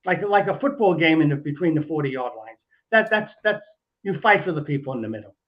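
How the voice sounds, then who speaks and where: An older man, a journalist guest, answering political questions haltingly with many restarts. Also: fairly high pitch, lively intonation, dull audio. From New Jersey. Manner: hesitant, many restarts, measured. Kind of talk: political interview.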